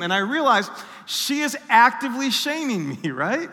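Bright, forceful preacher in a reverberant hall. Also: male voice, extremely high pitch, normal speed. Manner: storytelling, animated, acts out quoted voices. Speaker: pastor. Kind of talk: sermon.

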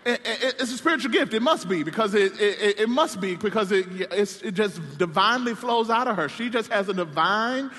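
A man's voice: high-pitched, expressive, brisk, few pauses, pushed and bright. A man preaching a comedic sermon, telling stories with playful, self-deprecating asides, from a stage in a large church sanctuary. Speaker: pastor. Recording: long hall reverb.

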